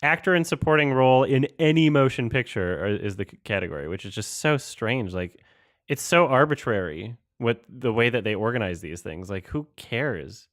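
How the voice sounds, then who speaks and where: A man's voice: mid-range voice, expressive, normal speed, fairly bright tone, no room sound, studio quality. A young man hosting a casual online hangout, thinking aloud as he reads through award results. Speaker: host. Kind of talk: casual chat.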